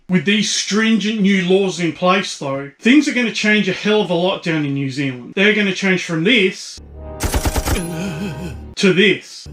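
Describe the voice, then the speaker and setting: A man's voice: high-pitched, measured pace, fairly bright tone, roomy sound. An Australian man delivering a blunt, profane and mocking comedic rant as a YouTube commentator.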